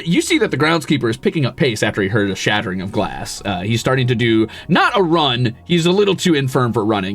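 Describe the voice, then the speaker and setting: A man's voice: medium pitch, fairly bright tone. A man narrating as the game master of a tabletop role-playing game, in a casual way with frequent laughs. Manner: casual, laughs often, uses lots of fillers.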